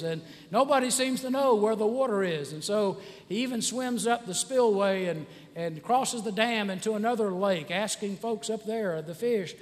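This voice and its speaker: Man, 60s, pastor giving a sermon, high-pitched, rambling and filler-heavy, in a church with long reverb. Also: lively intonation, moderate pace. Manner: conversational, frequent "uh" fillers and restarts.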